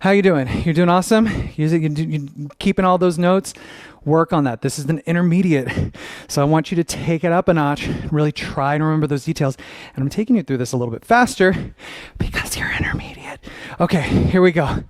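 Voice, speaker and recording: A young man leads a dance class in an upbeat, encouraging way, counting out each step. His voice sits a little high, and the sound is dry and close. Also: brisk, hardly any pauses, no echo. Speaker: dance teacher.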